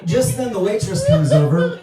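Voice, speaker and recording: An actor playing an awkward male horror writer doing stand-up, telling a joke in a halting, deadpan way on a small theatre stage. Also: high voice, background noise. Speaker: stand-up comedian. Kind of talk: stage play, stand-up routine. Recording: echoey theatre room.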